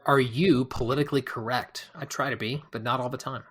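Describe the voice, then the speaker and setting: A man hosting a podcast, reading out quick-fire questions and answering them himself, often hesitating and rambling with fillers. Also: mid-range voice, fairly even intonation, a bit bright, breathy edge. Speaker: podcast host.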